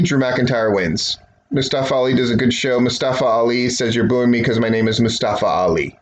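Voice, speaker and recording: A man hosting a casual solo commentary show, talking in a sarcastic, rambling, jokey way. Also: medium pitch. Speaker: wrestling podcast host. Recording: roomy, dull recording with faint hiss.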